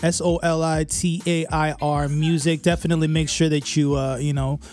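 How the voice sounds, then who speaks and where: A man from Canada, a musician guest in a radio studio, talking in a relaxed, rambling way with lots of fillers. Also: on the high side, normal speed. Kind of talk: casual radio interview.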